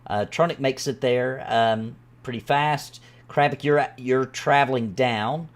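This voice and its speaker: A man narrating a tabletop game as game master, relaxed and halting. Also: medium pitch.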